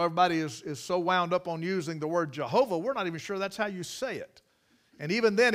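Man, sermon, high voice, emphatic, folksy, restarts a lot. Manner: emphatic, rising to loud repeated cries. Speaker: preacher.

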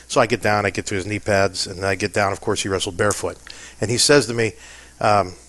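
Low-voiced man telling wrestling stories. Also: fairly even intonation, quick pace, fairly bright tone, no room sound. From Pennsylvania, US. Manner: chatty anecdotal storyteller, self-deprecating. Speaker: interview guest. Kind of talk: casual storytelling interview.

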